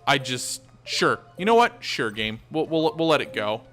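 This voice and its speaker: A man's voice: mid-range voice, very animated, normal speed, a bit bright, soft background music. A man hosting a gaming channel, chatting casually and thinking aloud as he plays. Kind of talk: casual let's-play commentary.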